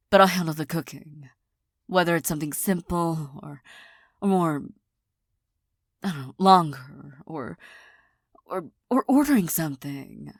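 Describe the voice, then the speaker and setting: A woman in a soft, halting, apologetic whispered role-play as a girlfriend, recorded on a close mic. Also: low voice, expressive, dry recording.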